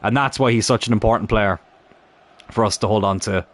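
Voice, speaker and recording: A man commentating his own football management game, cheering and shouting when goals go in. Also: lowish voice, fairly quick. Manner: excitable, shouts at goals, laughs. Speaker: gaming YouTuber.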